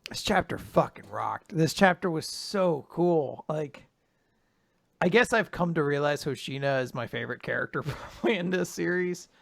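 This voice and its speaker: A man's voice: a little high, expressive, moderate pace, vocal fry, a bit bright, no echo. A man co-hosting a podcast, enthusiastically and casually praising a manga chapter. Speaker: podcast co-host. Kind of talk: casual chat.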